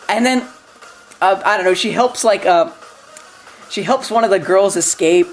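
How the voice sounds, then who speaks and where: A woman's voice: mid-range voice, moderate pace, pauses often, slight background noise, poor audio. A young adult woman giving a casual, ranting movie review, rambling with constant fillers and restarts, swearing freely and laughing between points. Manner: rambling, full of "like" and restarts, profane, breaks into laughter. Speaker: film reviewer.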